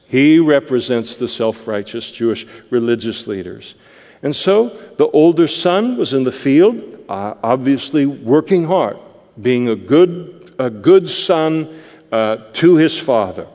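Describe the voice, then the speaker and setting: A man's voice: mid-range voice, a little mellow, in a large hall. A male preacher explaining a Bible passage verse by verse in a conversational, explanatory manner. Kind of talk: verse-by-verse sermon.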